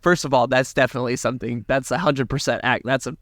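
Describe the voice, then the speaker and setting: A man co-hosting a podcast, recapping a film in a casual, animated way. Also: quick pace, dry recording, clean studio sound. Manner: animated, jumps into high mocking impressions. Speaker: podcast co-host.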